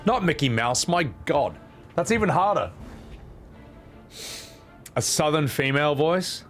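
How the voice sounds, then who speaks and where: A young man casually commenting on a game stream, teasing his chat and laughing at himself. His voice is a touch high and very lively in pitch, and soft game music plays underneath. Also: unhurried. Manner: joking, self-mocking, chats to his audience.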